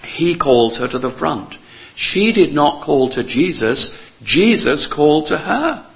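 A man's voice: on the high side, very animated, slow, vocal fry, dull audio. A man preaching a sermon in an earnest, emphatic way, repeating key phrases and asking rhetorical questions.

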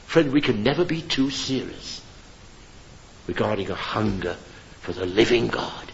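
A man preaching from a church pulpit, impassioned and emphatic, swinging between loud declarations and hushed appeals. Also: fairly high pitch, lively intonation, moderate pace, highs cut off. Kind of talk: sermon.

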